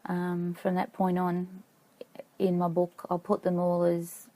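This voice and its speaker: A middle-aged woman telling a personal story to camera in a halting, reflective way, stopping now and then to check her notes. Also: fairly low pitch, monotone, warm tone, rough recording. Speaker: vlogger.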